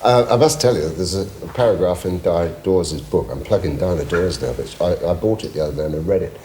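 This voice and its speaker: A man's voice: deep voice, a little fast, a little hiss or hum. A middle-aged man, a guest singer telling anecdotes on a chat show, often laughing. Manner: lively storyteller, laughing often.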